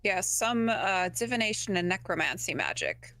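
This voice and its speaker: A woman's voice: mid-range voice, expressive, normal speed, sharp tone, dry recording, soft background music. A woman playing a tabletop game, explaining spell rules in a matter-of-fact way and speaking for her character. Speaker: player.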